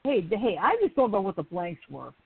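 A giggly woman reads a silly word game aloud on a casual podcast. Her voice swings lively up and down. The sound is thin and tinny, like a phone line. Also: mid-range voice, quick pace, vocal fry, husky. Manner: giggles often while reading. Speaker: co-host.

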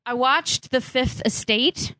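A woman's voice: high voice, takes it slowly, no echo. A woman co-hosting a podcast, chatting casually and nerding out with frequent laughter. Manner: animated, nerdy, laughs often. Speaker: podcast co-host. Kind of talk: casual chat.

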